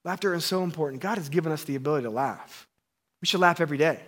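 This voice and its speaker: Male pastor, sermon, casual and playful, fairly high voice, swings loud and quiet. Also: racing. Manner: conversational and playful, with swings between loud emphasis and hushed tones.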